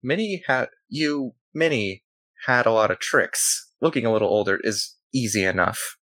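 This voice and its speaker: A man voicing a wary, hostile florist woman who is quick to swear and threaten. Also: medium pitch, lively intonation, bright, forceful tone, no room sound. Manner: suspicious, curt, swearing.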